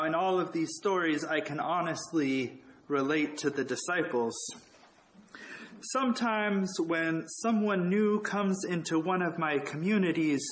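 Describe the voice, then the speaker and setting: A man giving a relaxed, reflective sermon with touches of humor. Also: fairly high pitch, slight background noise, poor audio. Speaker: preacher. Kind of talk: conversational sermon.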